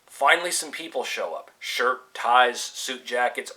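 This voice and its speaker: Man, bright forceful voice, casual storyteller, animated and profane. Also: mid-range voice, a little slow, hardly any pauses, low-quality recording. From California, USA. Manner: animated, swears freely, acts out quoted voices.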